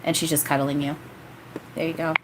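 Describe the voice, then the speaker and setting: A woman's voice: deep voice, flat delivery, fairly quick, heavy background noise. A woman doing a live-streamed spirit reading as a medium, rambling and hesitant with many fillers. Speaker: psychic medium.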